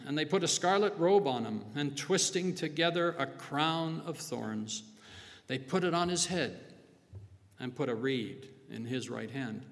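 A man giving a solemn, measured scripture reading, dropping quieter at the close of lines. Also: on the high side, big-room sound. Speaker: scripture reader.

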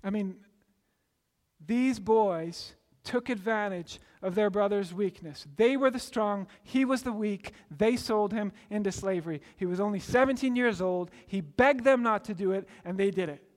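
A man preaching a sermon in a high voice, bringing the story to life by acting out its characters. His words ring with the long reverb of a large hall. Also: normal speed. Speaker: pastor.

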